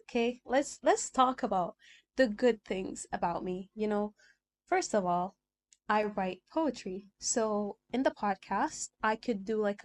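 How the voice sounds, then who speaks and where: Chatty woman around twenty, talking to camera. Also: mid-range voice. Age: about 20. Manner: chatty, filler-heavy, asks for agreement. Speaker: vlogger. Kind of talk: casual chat to camera.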